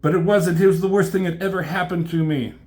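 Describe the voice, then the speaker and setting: Man doing a high, melodramatic woman warrior. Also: fairly even intonation, quick pace, darkish tone, lightly acted. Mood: dramatic. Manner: grandiose archaic delivery.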